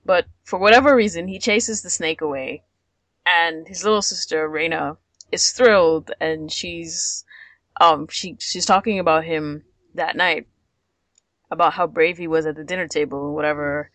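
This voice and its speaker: A woman's voice: low voice, fairly even intonation, normal speed, a bit bright, no echo. A woman co-hosting a podcast, recapping episodes in casual chat, laughing often and acting out the characters' lines. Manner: chatty, laughs often, acts out quotes. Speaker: podcast co-host.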